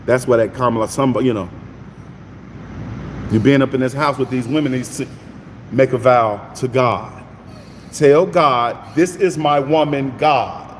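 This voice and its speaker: A man's voice: mid-range voice, measured pace, long pauses, big-room sound, a little hiss or hum. A middle-aged man, hosting a morning Bible reading stream in a casual, folksy preaching style and greeting his viewers by name. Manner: folksy, animated, talks to his chat by name.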